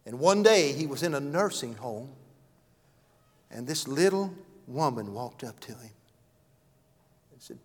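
A man preaching a sermon and telling stories, earnest, swinging from loud to hushed. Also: medium pitch, expressive, unhurried, long pauses. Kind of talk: sermon with storytelling. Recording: long hall reverb.

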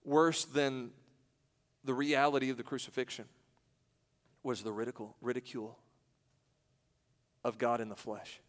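A pastor preaching a morning sermon with dramatic swings between loud emphasis and hushed, slow passages. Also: male voice, medium pitch, little pitch movement, in a large hall.

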